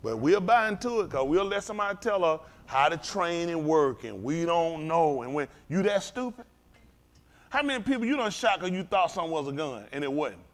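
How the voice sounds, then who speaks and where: Man preaching, high voice, very animated pitch, emphatic repetition. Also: fairly quick. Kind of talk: fiery sermon.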